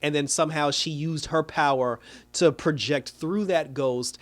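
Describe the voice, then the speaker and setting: Animated man recapping a TV episode. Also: a little high, measured pace. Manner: animated retelling, laughs often, paraphrases characters' lines. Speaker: TV show reviewer.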